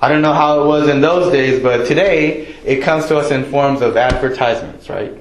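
Guy preaching a sermon, laid-back and chatty, lots of ums, mid-pitched, echoey room. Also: moderate pace. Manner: casual, conversational preaching with many fillers.

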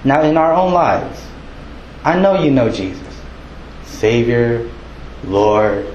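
A man preaching a sermon in a relaxed, conversational way, acting out townsfolk with a raised voice. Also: mid-range voice, slow, roomy sound, lo-fi sound, slight background noise. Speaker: pastor.

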